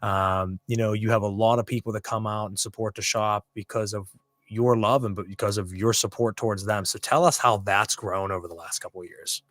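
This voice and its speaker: A man's voice: on the low side, brisk, no echo, clean studio sound. Emphatic man hosting a podcast. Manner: animated, emphatic, rambling asides. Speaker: podcast host. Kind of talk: casual interview chat.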